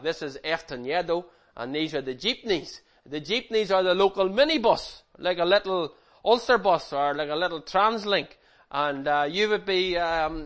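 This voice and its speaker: Middle-aged man, higher-pitched voice, relaxed chatty slideshow presenter who teases the kids. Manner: chatty, teasing, animated with the audience. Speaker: speaker presenting slides to a group. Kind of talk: informal slideshow talk to a young audience.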